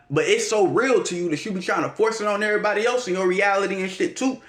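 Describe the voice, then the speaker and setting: A man's voice: sits high, fast talker, roomy sound. A man giving a slangy, profane, rambling casual monologue as an astrology vlogger.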